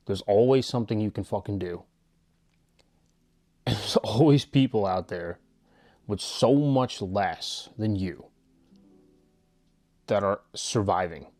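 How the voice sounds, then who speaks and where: A man's voice: on the low side, a little mellow, dry recording. A man giving a blunt, profane motivational monologue as a channel host, rambling with frequent restarts.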